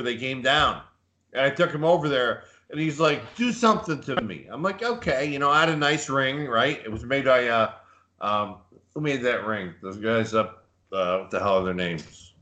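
A man's voice: medium pitch, pushed and bright. A man co-hosting a casual live podcast, a boastful, rambling storyteller who talks up his own toughness. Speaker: podcast co-host.

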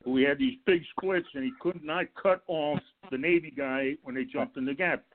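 A man, a former football coach, calling in to a radio show and telling lively stories about his old players and staff. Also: a little high, normal speed, slight background noise. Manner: animated storyteller, acts out quotes, laughs along. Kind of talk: telling anecdotes on a call-in show. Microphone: telephone. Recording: tinny phone line.

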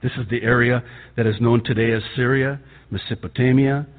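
A Lebanese-born man whose first language is Arabic, preaching a fervent sermon that swings between loud outbursts and quiet asides. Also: medium pitch, fairly even intonation, fairly quick. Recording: tinny phone-like sound with long hall reverb.

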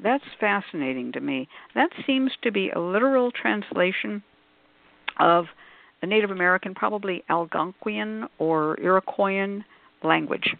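A woman's voice: mid-range voice, expressive, moderate pace, gravelly. A woman author on a call-in radio panel, explaining at length in a discursive, scholarly way with many asides. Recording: tinny phone-like line.

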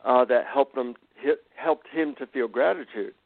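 A man's voice: medium pitch, moderate pace, creaky, dry recording. Man telling a story over the phone. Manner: animated, self-deprecating anecdotes. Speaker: guest, psychotherapist and author. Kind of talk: conversational storytelling. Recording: dry, tinny phone-line sound.

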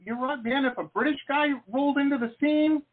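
A man hosting an interview show, enthusiastic and quick to laugh in casual chat. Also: very high-pitched. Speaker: talk show host. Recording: tinny phone-like line.

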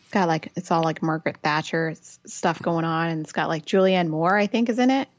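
A woman's voice: deep voice, brisk, dry recording. A woman co-hosting a podcast in casual chat, talkative, laughing often and gushing that things are fantastic. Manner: chatty, laughs often, repeats "it's fantastic". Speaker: podcast co-host. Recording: dull lo-fi sound, dry.

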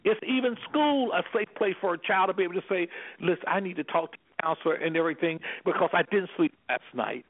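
A man's voice: high voice, quick pace, hardly any pauses, a little hiss or hum. A man working as an anger management specialist, speaking passionately in a panel discussion, with preacher-like rhetorical questions. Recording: phone-like band-limited audio.

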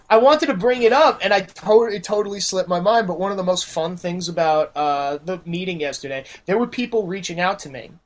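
A man's voice: high-pitched, a little fast. A man who is a guest on a podcast, telling rambling, profane stories in casual chat. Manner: profane, rambling, animated storyteller.

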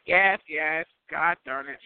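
A man with a high voice talks in a loose, rambling monologue. He giggles and breaks into high laughs as he goes. The recording sounds narrow and tinny, like a phone call. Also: slow pace, clean tone, no echo.

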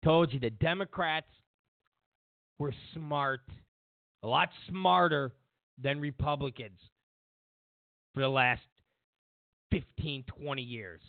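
A man's voice: a little high, slow pace, pauses often, dry recording. A man hosting a political commentary show, mocking and sarcastic, repeating lines for emphasis. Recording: tinny phone-like sound.

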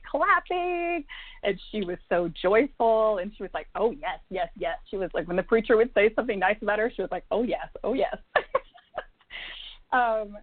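With a voice on the high side, an Indiana woman who works as a psychic medium shares a personal story in an interview, laughing and using fillers along the way. The tinny, phone-like line is dry with no room sound.

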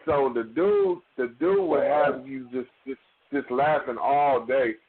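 A man's voice: mid-range voice, very animated, unhurried. Laid-back Bay man on a phone line. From San Francisco Bay Area. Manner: laid-back, reflective storyteller. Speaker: round table guest. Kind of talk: casual chat. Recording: tinny phone-line sound.

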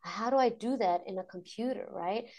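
A woman's voice: medium pitch, normal speed, a little mellow. A woman guest on a podcast, talking reflectively and emotionally about teaching mindfulness to children, laughing often. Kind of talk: conversational interview.

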